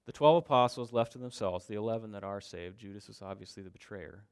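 A man's voice: on the low side, quick pace, darkish tone, clean tone. A man preaching a sermon, emphatic and given to repeating his points. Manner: emphatic, repeats phrases for stress.

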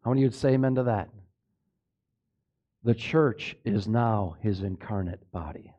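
A man's voice: on the low side, unhurried, warm tone, muffled recording. A male pastor preaching a sermon in an emphatic way, often asking the congregation for an amen. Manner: emphatic, asks the congregation for amens.

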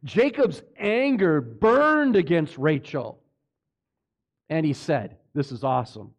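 A male pastor preaches an emphatic sermon, firing rhetorical questions at the congregation. His fairly high voice swings widely up and down in pitch, and he often stumbles over a name before quickly correcting himself.

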